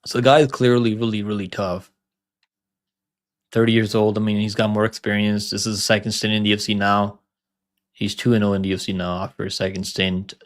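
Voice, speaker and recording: A young man hosting a livestream, casually talking through fight picks, cursing often and second-guessing himself out loud. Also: on the low side. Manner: rambling, profane, second-guesses himself aloud. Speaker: MMA livestream host.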